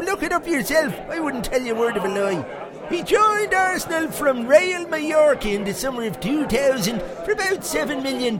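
A rambling, foul-mouthed Irish pub regular spins boastful tall tales. His voice sits very high. A pub crowd chatters clearly behind him. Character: crude boastful Irish pub regular, middle-aged man. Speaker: segment presenter. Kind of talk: comic monologue character.

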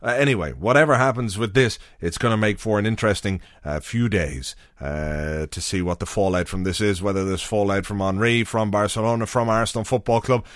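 A man's voice: lowish voice, a little fast, hardly any pauses, dry recording, clean studio sound. A man hosting a casual solo podcast, wry and sweary, rambling with lots of fillers. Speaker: podcast host.

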